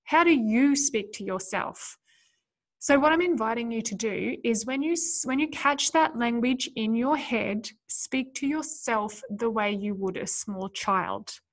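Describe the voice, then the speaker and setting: Woman, podcast host, slightly high voice, earnest and encouraging, speaks right to the listener. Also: a little slow. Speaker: podcast host and business coach for mothers. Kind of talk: solo podcast talk.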